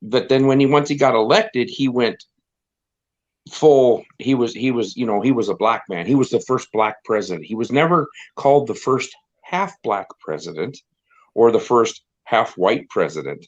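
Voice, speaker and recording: On a live stream, a middle-aged male co-host chats casually at a moderate pace in a medium-pitched voice. He's rambling and wry, often repeating himself, and the lo-fi stream audio sounds slightly dull.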